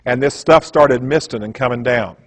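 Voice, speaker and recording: A man's voice: medium pitch, moderate pace. A man giving a presentation in a rambling, emphatic storytelling manner. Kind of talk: conspiracy lecture talk.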